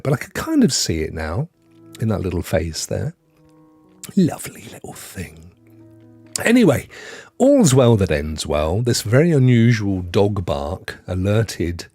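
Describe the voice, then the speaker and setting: Chatty man with animated pitch. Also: dry recording. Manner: chatty, rambling asides with frequent laughs. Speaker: live stream host. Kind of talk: casual live-stream chat reading good news.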